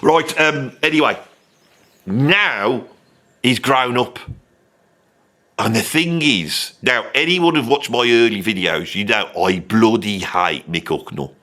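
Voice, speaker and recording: A man's voice: mid-range voice, slow, pushed and bright. A man performing a brash, boastful male character with a Birmingham accent, ranting about rock stars in a comedic monologue and swearing constantly. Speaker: comic character host.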